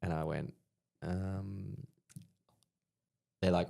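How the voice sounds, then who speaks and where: A man in his thirties with an Australian accent, telling profane, animated stories in casual chat as a guest comedian. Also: deep voice, a little slow, creaky, pauses often.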